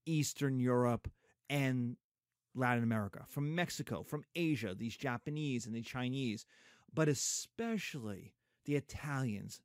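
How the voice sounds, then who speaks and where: A middle-aged man lecturing on history in an animated way, slipping into mocking asides. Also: medium pitch, dry recording, clean studio sound.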